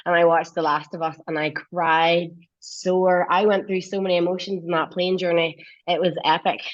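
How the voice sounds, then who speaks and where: A woman's voice: on the low side, normal speed. Bubbly Irish woman, dull audio. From Ireland. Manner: bubbly, chatty, laughs often. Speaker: guest singer. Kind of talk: casual interview chat.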